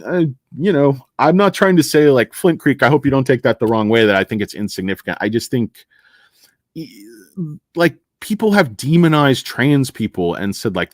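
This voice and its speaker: A man's voice: medium pitch, animated, moderate pace, dry recording, clean studio sound. A man hosting a casual livestream about stocks, rambling and sarcastic as he reads and answers chat. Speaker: livestream host discussing stocks.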